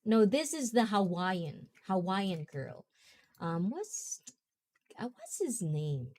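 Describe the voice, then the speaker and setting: Slow, mellow-voiced woman. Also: mid-range voice, big pitch swings. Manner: rambling, chatty, laughing often. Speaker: host. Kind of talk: casual talk.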